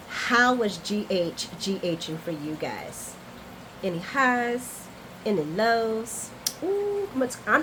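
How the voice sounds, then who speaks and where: A woman's voice: medium pitch, a little hiss or hum. A woman hosting a casual soap opera recap, chatty and playful, talking straight to her viewers. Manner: chatty, animated, playful asides, addresses viewers as y'all. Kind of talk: casual chat to camera.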